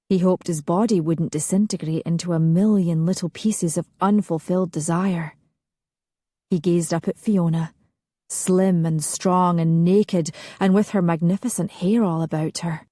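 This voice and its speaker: Slow, husky woman narrating romance. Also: fairly low pitch, steady tone, dry recording, clean studio sound. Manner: slow, hushed, sensual reading. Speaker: audiobook narrator.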